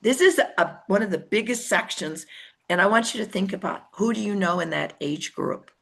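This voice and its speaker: A woman's voice: medium pitch, normal speed, gravelly, fairly bright tone. A woman giving a direct, emphatic talk to a team and putting questions to her listeners. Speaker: speaker addressing a team.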